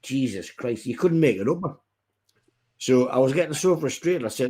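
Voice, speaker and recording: A man's voice: mid-range voice, animated, normal speed, mellow. Exasperated Geordie man ranting. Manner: exasperated storytelling, swears freely. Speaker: podcast co-host. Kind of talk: casual ranting chat.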